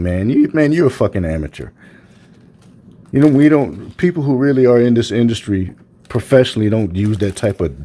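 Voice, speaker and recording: Brief: middle-aged male trainer, angry profane rant, low mellow voice. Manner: heated, profane, repetitive, emphatic. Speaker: personal trainer. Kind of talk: profane ranting monologue.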